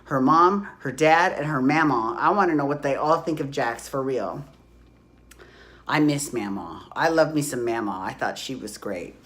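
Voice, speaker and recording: A woman in her forties recapping reality TV in a gossipy, profane, excitable way, recorded on a phone at home. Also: a bass voice, normal speed. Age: 40s. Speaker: podcast host. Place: hot room at home.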